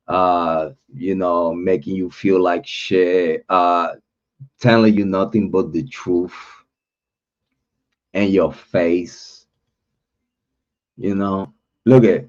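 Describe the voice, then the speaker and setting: This livestream host's voice is fairly low with a darkish tone, and he swears freely while bluntly calling people out in a rant. The audio comes through dull and lo-fi.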